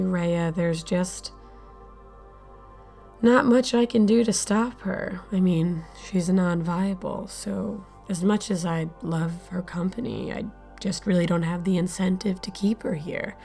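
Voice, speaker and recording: A woman voicing a cool, breezy woman in charge who speaks in a dismissive, unhurried way in an audio drama. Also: fairly low pitch, creaky, mellow.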